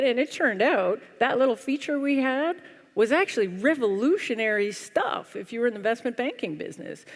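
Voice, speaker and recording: A woman giving a humorous keynote talk on stage, telling a story in a lively, wry, self-deprecating way. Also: fairly high pitch. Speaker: conference speaker. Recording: long hall reverb.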